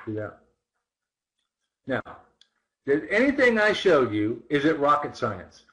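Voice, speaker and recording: Animated man teaching a trading seminar. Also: a little high, slow, background noise. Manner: animated, rhetorical questions, repeats phrases. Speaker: trading instructor. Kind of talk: live seminar chart walkthrough.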